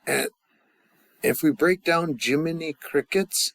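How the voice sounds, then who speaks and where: A man teaching a casual grammar lesson, talking in halting starts and restarts with fillers and joking asides. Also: a little high, gravelly, fairly bright tone, no room sound. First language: English. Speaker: language teacher.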